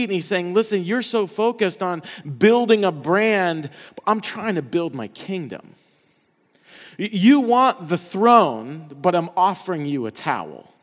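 A man preaching a passionate sermon as pastor, dropping to hushed tones for quoted words. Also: high voice, big-room sound.

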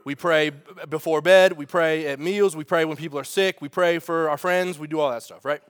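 Pastor guy, kinda high voice, joking his way through a sermon, dry close mic. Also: fairly quick, no echo. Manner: storytelling with humor, animated asides.

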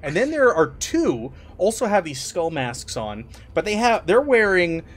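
A man's voice: high-pitched, very animated, measured pace. A man running a tabletop game as game master, narrating casually with many fillers.

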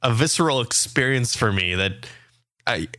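A man co-hosting a morning show in casual chat, excitable and giggly, often tripping over his words. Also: mid-range voice, moderate pace, no echo, studio quality, faint music behind.

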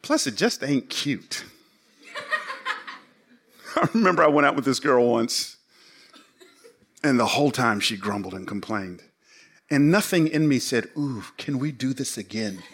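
A middle-aged man, a pastor, preaching a sermon in an animated, joking way. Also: mid-range voice, measured pace, long pauses.

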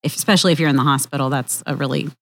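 A woman with a notably low voice, speaking earnestly as a nurse about patients' frustration. She explains her point in a casual, conversational way. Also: steady tone, racing. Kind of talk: casual chat.

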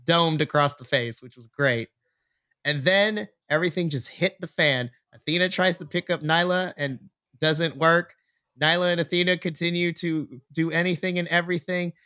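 A playful man co-hosting a podcast, talking in casual chat with a fairly high voice. He laughs easily and breaks things down step by step. The sound is dry and close, with no room around it. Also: normal speed, sharp tone, dry recording. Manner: playful, laughs often, breaks down matches analytically. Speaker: podcast co-host.

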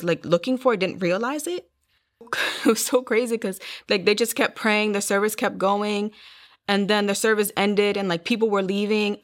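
A young adult woman telling her personal testimony in an interview, earnest, acting out what others said. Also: medium pitch. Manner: earnest storytelling, acting out quoted voices. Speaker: guest sharing her testimony.

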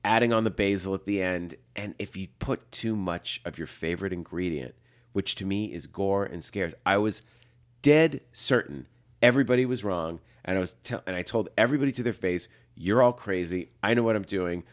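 A man around fifty, a film director, telling animated anecdotes as a guest and acting out the lines he quotes. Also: deep voice, normal speed. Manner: lively storyteller, acts out quotes, laughs often.

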